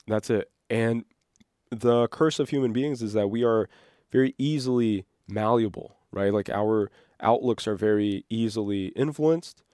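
A man hosting an unscripted solo podcast, rambling and excitable, sometimes losing his train of thought. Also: on the low side, unhurried, no echo, studio quality. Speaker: podcast host.

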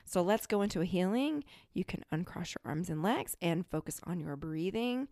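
A lower-pitched woman talks straight to her listeners about spiritual growth. She coaches them earnestly in a relaxed, conversational way. Her voice sounds close and dry, with no room echo. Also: moderate pace, creaky. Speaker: spiritual healer and podcast host. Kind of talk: casual spiritual talk to listeners.

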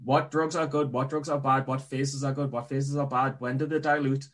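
A man's voice: mid-range voice, level tone, normal speed, a bit bright. A man talking casually as a trading coach on a podcast, emphatic and repetitive as he makes his points.

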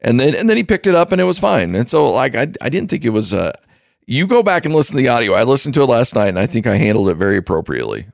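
A man co-hosting a sports radio show, talking in a halting, casual way with many restarts. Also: medium pitch, sing-song, vocal fry, no echo, clean studio sound.

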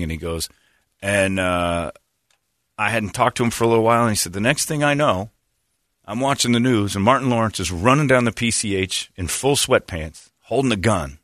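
Animated, low-voiced man telling stories. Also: no echo, studio quality. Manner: animated storyteller, acts out quotes. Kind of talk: casual chat.

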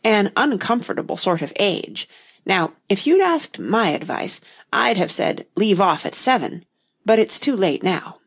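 A woman's voice: mid-range voice, sing-song, a little slow, slightly rough, pitched above the performer's own voice, heavily acted. A woman putting on a pompous touchy egg man. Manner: pompous, argumentative. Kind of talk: audiobook reading.

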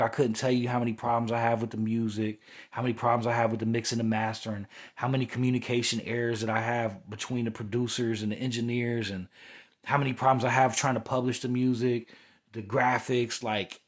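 A young man hosting a podcast, talking through a heated, rambling spiritual monologue that often circles back to "you know what I'm saying". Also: mid-range voice. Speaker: podcast host.

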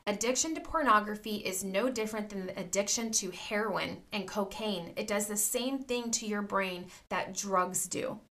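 A woman's voice: medium pitch, moderate pace, few pauses, fairly bright tone. A woman in her forties, a parenting vlogger, talking straight to her viewers in an emphatic, preachy way and calling them "you guys". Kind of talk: impassioned direct-to-camera talk.

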